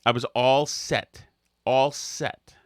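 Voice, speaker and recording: A man's voice: medium pitch, steady tone, takes it slowly, no room sound, clean studio sound. A man co-hosting a comedy podcast, telling long self-mocking anecdotes in a rambling way. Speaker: podcast co-host. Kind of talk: comedic storytelling chat.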